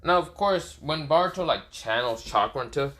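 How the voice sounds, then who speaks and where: A man improvising a fan story aloud, rambling with many fillers and clearing his throat often. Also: on the high side, animated, moderate pace, fairly bright tone.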